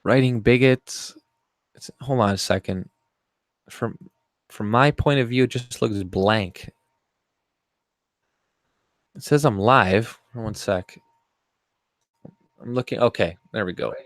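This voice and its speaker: A man's voice: lowish voice, slow pace, long pauses, no echo, studio quality. Profane heated man ranting on a livestream. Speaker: livestream host. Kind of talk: casual livestream rant.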